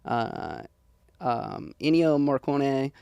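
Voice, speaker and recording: A man's voice: mid-range voice, lively intonation, slow pace, vocal fry, dark tone, smooth, dry recording, highs cut off. A young man, a podcast guest, chatting casually and telling rambling stories with many likes and ums. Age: young adult. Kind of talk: casual chat.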